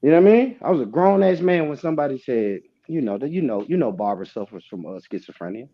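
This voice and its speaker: An adult man hosting a casual livestream panel, telling stories in an animated way, laughing and swearing often. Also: mid-range voice, quick pace, muffled recording. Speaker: host.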